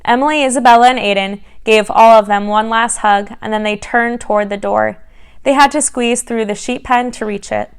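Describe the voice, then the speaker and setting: Smooth-voiced woman reading a bedtime story. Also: fairly high pitch, normal speed. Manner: warm, expressive reading to children. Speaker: children's ministry storyteller.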